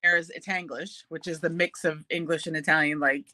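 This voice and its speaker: A woman's voice: low-pitched, steady tone, fairly quick, pushed and bright, slight background noise. A woman guest in casual chat, explaining family habits at length and laughing often. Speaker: guest, host's cousin.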